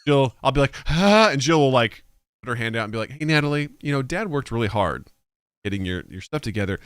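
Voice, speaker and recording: Man, podcast co-host, casual chat, animated storytelling, swears freely, bright voice. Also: mid-range voice, fast talker, clear, resonant tone, dry recording.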